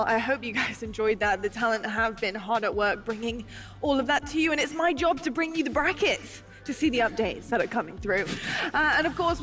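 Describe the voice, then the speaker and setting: A woman hosting a live esports broadcast, giving a quick, upbeat rundown of the tournament brackets. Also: high voice. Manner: animated, laughing, then brisk bracket rundown. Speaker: esports broadcast desk host.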